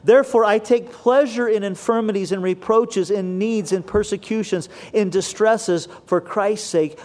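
Pastor, male, higher-pitched voice, earnest sermon delivery that slows and sinks when quoting scripture. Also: darkish tone.

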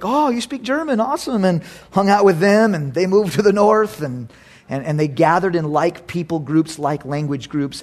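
A man with a fairly high voice preaching a sermon. He talks in an animated way and slips into sarcastic little acted voices for the people in his story. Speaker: pastor.

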